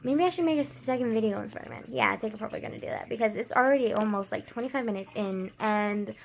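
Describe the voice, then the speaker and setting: A woman's voice: fairly high pitch, fast, vocal fry, slight background noise. A young woman vlogging casually, rambling with lots of fillers and frequent swearing, self-deprecating.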